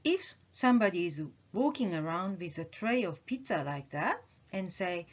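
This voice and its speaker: A woman teaching a language lesson, explaining slowly and carefully and acting out the intonation of example phrases. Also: on the low side. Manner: slow, careful explanation with animated demonstrations of intonation. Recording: muffled, slightly dull audio.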